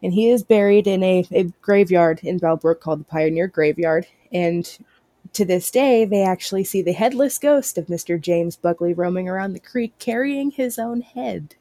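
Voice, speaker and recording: A woman's voice: lowish voice, moderate pace, warm tone, dry recording. A woman guest on a podcast, steadily telling urban legends in casual chat.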